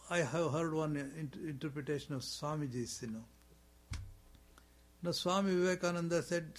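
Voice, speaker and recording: Guy preaching a scripture talk, chants sanskrit, lots of repeating and questions, voice a bit high. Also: moderate pace, long pauses. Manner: chants in Sanskrit, explains with repetition and rhetorical questions. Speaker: swami giving a spiritual talk. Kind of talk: sermon on scripture.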